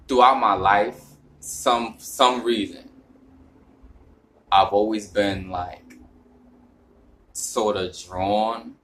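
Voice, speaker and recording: A young man with a New York accent talking casually to camera, rambling with lots of fillers and rising in pitch and volume when he gets into explaining. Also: fairly bright tone, a little hiss or hum. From northern United States. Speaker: vlogger.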